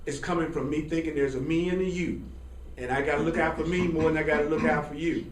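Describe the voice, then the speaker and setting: A man teaching a live sermon to an audience, animated and repetitive, chuckling as he preaches. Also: a little high, fast talker, a little hiss or hum. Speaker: spiritual teacher. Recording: echoey hall from far off.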